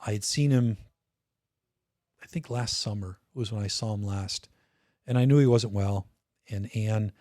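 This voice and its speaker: Speaking on the low side with a slightly mellow quality, this retired state police officer from the United States, middle-aged, recounts a personal story during a candid, casual podcast interview. He curses occasionally and frequently starts his sentences over. The sound is dry and clean, studio-grade.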